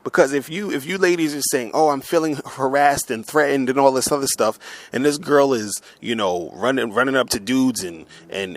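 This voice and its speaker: A man in an angry, profane monologue, stumbling over words and restarting as he rants to his listeners. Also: medium pitch. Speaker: online men's coach. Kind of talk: heated monologue rant. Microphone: audio recording for upload.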